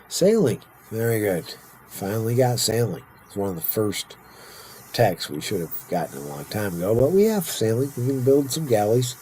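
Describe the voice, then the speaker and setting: A man's voice: lowish voice, very animated, normal speed, warm tone, slight background noise, poor audio. A man hosting a casual let's-play of a strategy game, chatty and playful, who slips into mock-grand roleplay and sounds tired and punch drunk. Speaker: gaming video host.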